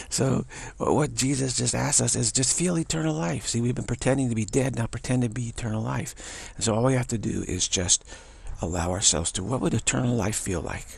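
A man giving a spiritual talk, musing in a halting way with many restarts. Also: mid-range voice, gravelly, husky, no room sound. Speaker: spiritual teacher.

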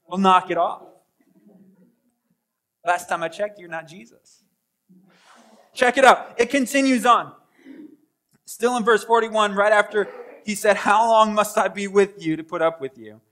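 A pastor delivering a lively sermon in a high, bright voice. He acts out voices and swings between loud bursts and hushed asides. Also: unhurried, pauses often. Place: church sanctuary.

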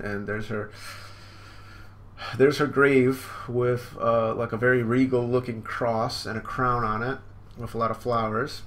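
A man's voice: mid-range voice, fairly even intonation, measured pace, fairly bright tone. A man streaming a live manga reaction from home, casually describing panels with lots of fillers. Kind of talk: live reaction, reading aloud.

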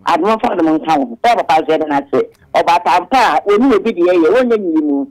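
High-voiced man, heartfelt. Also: animated, fast talker, a little mellow, rough recording. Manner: heartfelt testimony. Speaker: caller.

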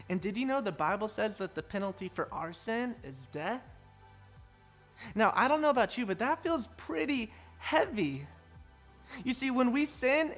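A woman giving an online children's church sermon, telling the story animatedly and talking straight to the kids. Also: medium pitch. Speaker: children's pastor.

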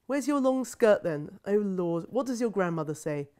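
A woman reading aloud, voicing a harried, gentle mother who talks softly and placatingly. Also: medium pitch, expressive, moderate pace, close to an everyday voice. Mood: anxious.

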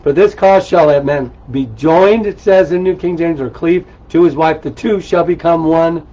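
Guy preaching, husky voice, kinda high, chatty asides, dull lo-fi sound. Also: normal speed. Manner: conversational and animated, with asides and rhetorical questions. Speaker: pastor. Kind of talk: sermon. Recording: dull lo-fi recording.

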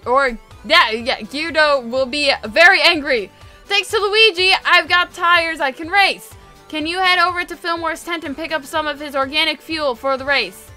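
A young woman chats through a video game in a very high, bright voice. She gets excited easily and reads the on-screen text aloud as she goes. Faint game music plays underneath. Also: moderate pace. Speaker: gaming video host. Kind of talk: casual game commentary.

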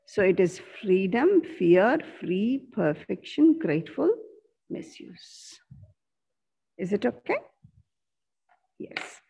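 A woman teacher walks a class through an exercise at a very slow pace, repeating each answer and spelling words aloud. Her voice is gravelly and husky. The recording sounds dull and lo-fi. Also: mid-range voice, big pitch swings, warm tone. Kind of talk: online class lesson. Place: school corridor.

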